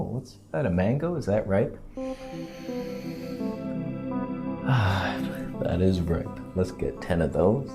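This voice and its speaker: Male vlogger, casual and rambling, low-pitched, self-mocking humor. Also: a little mellow. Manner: candid, joking, rambling. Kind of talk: casual vlog monologue.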